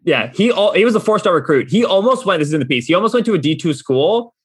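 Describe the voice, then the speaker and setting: A man's voice: sits high, expressive, fast talker, slightly rough, no room sound, clean studio sound. A man co-hosting a sports podcast in casual chat, reading quotes aloud in an emphatic, joking way. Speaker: podcast co-host.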